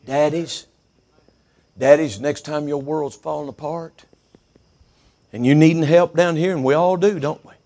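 A middle-aged preacher man delivers a sermon in a gravelly, crackling voice. He tells folksy stories and doubles his words for emphasis. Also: fairly high pitch, steady tone, unhurried, long pauses, mellow.

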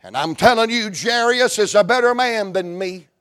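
A man with a Southern US accent preaching a fervent revival sermon in a church, moving from hushed talk to shouts. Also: high voice, animated, normal speed, no room sound, clean studio sound.

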